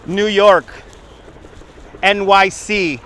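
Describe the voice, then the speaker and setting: A chatty man in his forties live-streams a walking tour through city streets and a park, chatting casually to viewers and often laughing at his own jokes. His high-pitched voice is steady in tone, very slow, pushed and bright. Recorded on a phone on a handheld gimbal, it has slight background noise.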